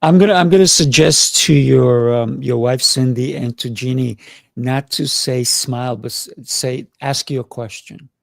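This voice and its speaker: A man's voice: medium pitch, normal speed, gravelly, dry recording, studio quality. A man hosting a casual conversation, coaching with rhetorical questions. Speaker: host.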